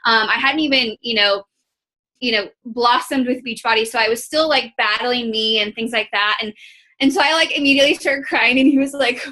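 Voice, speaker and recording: Bright-voiced chatty young woman coach. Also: on the high side, brisk. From Iowa, United States. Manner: chatty, many fillers, candid and motivational. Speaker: fitness coach. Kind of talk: team call coaching talk.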